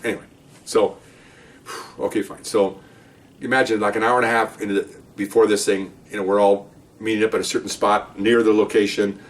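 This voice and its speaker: A middle-aged former detective tells his war stories in a low voice, moving at a quick clip. He gets animated and jumps up in pitch when he acts out what others said. The mic sits a little away from him. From Latino. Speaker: retired police detective telling stories. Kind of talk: casual storytelling. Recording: voice a bit far from the mic.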